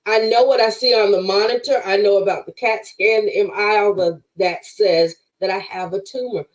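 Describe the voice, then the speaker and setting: As a podcast guest, an emphatic woman tells her faith testimony in a preacherly manner, often addressing her listeners directly. Her middle-pitched voice has fairly even intonation at normal speed, and the audio is poor.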